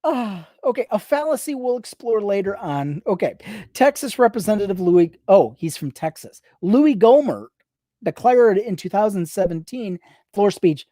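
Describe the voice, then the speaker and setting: A woman reading a book aloud on a livestream, rapid-fire, breaking off for sarcastic asides to her viewers. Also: mid-range voice, animated, warm tone, no room sound, clean studio sound. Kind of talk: reading aloud with live commentary.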